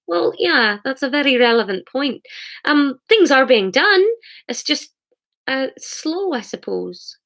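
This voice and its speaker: Storybook: woman reading a fumbling, hesitant man, voice sits high. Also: sing-song, creaky, fairly bright tone, heavily acted. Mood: sheepish. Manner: hesitant, halting. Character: flustered man explaining awkwardly.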